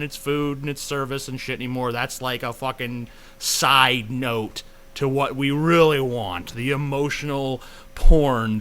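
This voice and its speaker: A man's voice: mid-range voice, pushed and bright. A young man ranting casually in a video review, profane, rambling and sarcastic, full of fillers. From United States.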